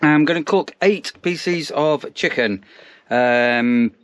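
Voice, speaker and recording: Chatty campsite warden. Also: male voice, a little high, takes it slowly, smooth, no room sound. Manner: chatty, rambling, lots of ums and restarts. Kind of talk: casual vlog narration. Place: outdoors at a campsite.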